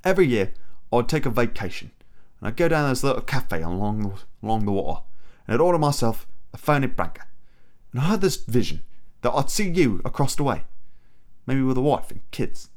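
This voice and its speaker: A man putting on a thick Cockney accent as a wistful older English gentleman, speaking slowly and solemnly. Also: mid-range voice, very animated, close to an everyday voice. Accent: Cockney English, put on. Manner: slow, solemn, reminiscing.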